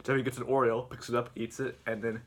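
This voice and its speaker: A man's voice: mid-range voice, level tone, quick pace. A man recapping a video in a casual, rambling rant, with stammering restarts and filler words. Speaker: video host.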